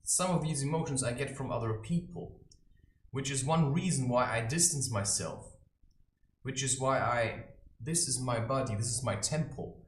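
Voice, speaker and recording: A man's voice: medium pitch, normal speed. A man giving a preachy, theatrical, mocking satirical monologue to camera from his own room. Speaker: self-styled spiritual advisor. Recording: roomy echo.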